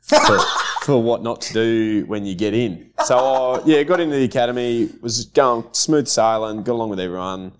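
A man's voice: mid-range voice, moderate pace, clear, resonant tone. A man, a guest on a podcast, telling his story in a laid-back way and laughing as he goes. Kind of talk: casual chat.

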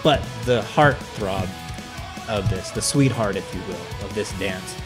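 A man co-hosting a casual podcast, swearing often as he tells an animated story over a webcam. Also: lowish voice, measured pace, music in the background. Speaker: podcast co-host. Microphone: video call webcam.

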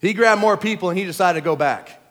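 Pastor with a high voice, animated storytelling sermon; long hall reverb. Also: male voice, quick pace. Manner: animated storytelling, dropping to a hush for quiet moments. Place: large church hall.

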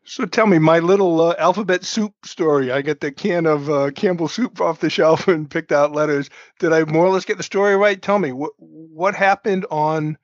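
A man's voice: fairly high pitch, moderate pace, few pauses, no room sound, highs cut off. Male host, informal explainer, dry close sound. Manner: chatty, informal, explains step by step with asides. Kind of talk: conversational explainer, interview intro.

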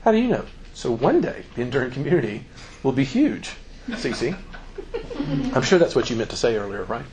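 A man's voice: mid-range voice, fairly quick, a crowd in the background. A man giving an informal, joking talk to students as a campus minister, acting out quoted voices. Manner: animated, joking, acts out quotes.

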